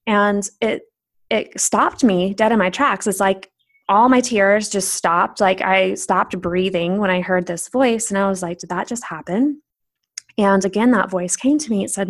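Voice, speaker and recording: A woman's voice: mid-range voice, no room sound. A young adult woman candidly reflecting on her spiritual journey in an earnest personal monologue. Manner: earnest, candid, with soft laughs and restarts. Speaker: speaker sharing a personal spiritual story.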